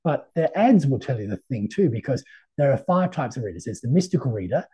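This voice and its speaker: A man's voice: mid-range voice, very animated, brisk, warm tone, breathy edge. A middle-aged man, a tarot reader guesting on an interview, talking in a chatty, anecdotal way with many fillers. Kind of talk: casual interview conversation.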